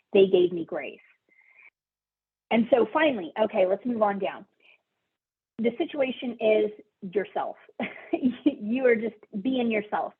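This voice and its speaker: A woman social worker presenting a webinar, talking in a conversational way with fillers and light laughs. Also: medium pitch. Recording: husky voice over a tinny phone-like line.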